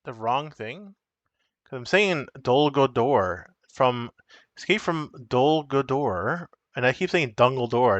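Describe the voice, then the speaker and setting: A man's voice: mid-range voice, a bit bright, no room sound, dull audio. A man casually chatting on a live stream as he shows and explains the cards of a solo card game, rambling and correcting himself as he goes.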